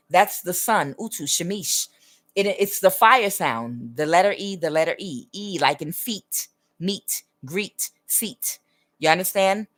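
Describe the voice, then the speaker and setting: A woman with a somewhat low voice gives a casual spiritual monologue on her own channel. She speaks earnestly and stresses her points, often checking in with the listener. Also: fairly bright tone. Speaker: tarot reader and spiritual channel host.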